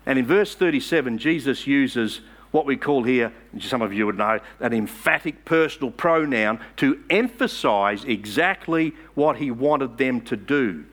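A man's voice: mid-range voice, lively intonation, unhurried, hardly any pauses, a bit bright. A man preaching a sermon in church, emphatic and asking the congregation rhetorical questions.

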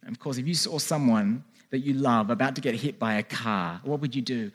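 A man's voice: mid-range voice, a little fast. A man preaching a sermon in a church, with earnest, pleading calls to turn to God. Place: church hall with a congregation.

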